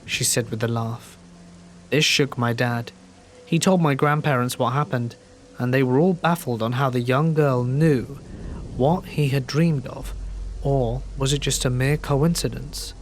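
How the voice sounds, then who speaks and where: Calm man narrating horror stories. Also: medium pitch, unhurried, slight background noise. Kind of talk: scripted horror story narration.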